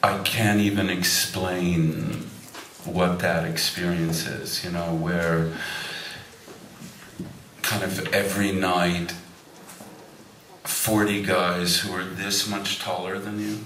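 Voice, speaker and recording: A man in his fifties spins dry, understated stories at a slow, unhurried pace. His voice sits very low, and it carries from some distance in an echoey hall with steady noise underneath. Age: 50s. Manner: dry, wry, understated delivery with many hesitations. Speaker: guest speaker at a film festival talk. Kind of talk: anecdotal storytelling on stage. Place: festival event hall with live audience.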